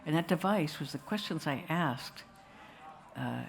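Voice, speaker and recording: A woman's voice: low voice, expressive, unhurried, vocal fry, a little hiss or hum. A woman telling a wry, digressive story to a festival audience and slipping into voices now and then. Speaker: filmmaker answering questions.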